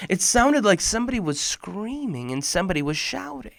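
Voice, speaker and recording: Guy telling a kids story, big swings from whisper to shout, dry close mic. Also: fairly high pitch, lively intonation, moderate pace, creaky, few pauses, no echo. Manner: dramatic, swings between whispers and loud cries. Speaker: host and storyteller. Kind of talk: animated storytelling for children.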